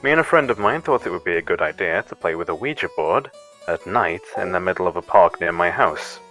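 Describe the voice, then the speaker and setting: A man with a Northern English accent reads a spooky story aloud. His voice sits very low yet sounds bright and forward, and he keeps a low-key, dry manner. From England. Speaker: co-host and story reader. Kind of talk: reading a horror story aloud.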